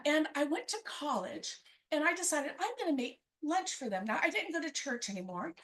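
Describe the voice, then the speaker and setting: High-pitched female storyteller, wry and chatty, telling family stories live. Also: big pitch swings, a little fast, a bit bright. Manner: conversational, wry, acts out family members' quoted lines.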